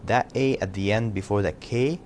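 A man with an Egyptian accent leads a relaxed podcast lesson, talking loosely and saying phrases over slowly so learners can repeat them. His voice sits very low. A faint hiss of noise runs under the recording. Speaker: language teacher.

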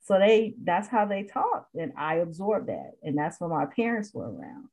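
A woman from Chicago, a podcast guest in casual conversation, animated and quick to laugh. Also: lowish voice.

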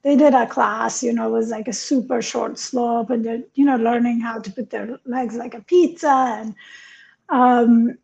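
A woman's voice: on the high side, fairly even intonation, normal speed, creaky, a little mellow, muffled recording. A woman co-hosting a podcast, chatting casually and telling stories with frequent laughs. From Europe. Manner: laughs often, chatty storytelling. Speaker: podcast co-host. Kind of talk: casual chat.

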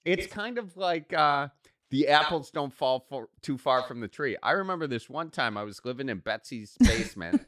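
A man hosting a podcast, telling stories in a casual, animated, joking way. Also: fairly high pitch, normal speed. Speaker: podcast host. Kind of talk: casual chat.

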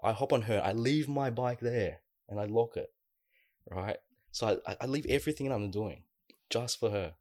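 A man, co-hosting a casual podcast and telling a long story in a lively, filler-heavy way. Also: mid-range voice, moderate pace, dry recording, clean studio sound. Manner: animated storyteller, many fillers. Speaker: podcast co-host.

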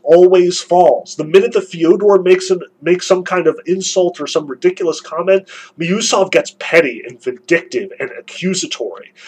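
A man's voice: sits high, slight background noise, rough recording. A man lecturing analytically and emphatically on a novel. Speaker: literature lecturer.

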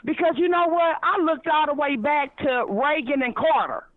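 A woman's voice: sits high, moderate pace, dry recording. A woman calling in to a talk show, effusive and rambling, full of ums and restarts. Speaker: caller. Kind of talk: excited phone call to a talk show. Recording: tinny phone line.

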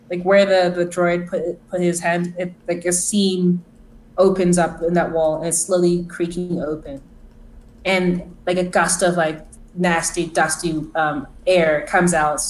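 A woman with a lowish voice runs a tabletop game, narrating scenes in a chatty, rambling way. Faint noise sits under the recording. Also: poor audio. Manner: chatty, full of "like" and restarts. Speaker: game master.

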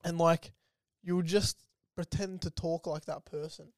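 A man's voice: fairly high pitch, fairly even intonation, a little slow, no room sound, studio quality. A young man co-hosting a podcast, chatting casually, swearing and joking. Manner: swearing, joking, laughing often. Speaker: podcast co-host. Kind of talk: casual chat.

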